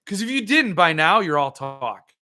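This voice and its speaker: A man's voice: high voice, sing-song, normal speed, pushed and bright. A man hosting a livestream, ranting sarcastically and answering viewer comments in casual chat. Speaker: podcast host.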